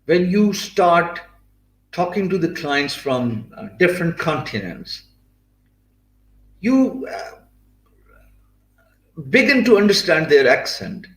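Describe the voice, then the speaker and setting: A man's voice: on the high side, big pitch swings, slow, long pauses, fairly bright tone, reverberant. A man from Pakistan with a Pakistani English accent, giving an earnest motivational talk about freelancing, with many fillers and restarts.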